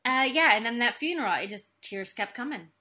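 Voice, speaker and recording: Young woman co-host, high bright voice, emotional and expressive, casual swearing. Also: fairly quick. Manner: emotional, animated, swears freely, quotes scenes. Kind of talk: casual chat.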